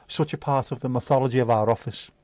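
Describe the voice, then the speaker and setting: Male host, mid-pitched, easygoing and sweary, dry sound. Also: normal speed, a little mellow, no echo. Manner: laid-back, sweary banter. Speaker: livestream host. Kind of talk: casual chat reading viewer comments.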